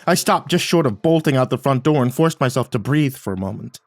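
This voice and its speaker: A man narrating a first-person horror story in a dramatic way, at times rising to near-shouts. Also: medium pitch, expressive, brisk, no room sound, studio quality. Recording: faint music underneath.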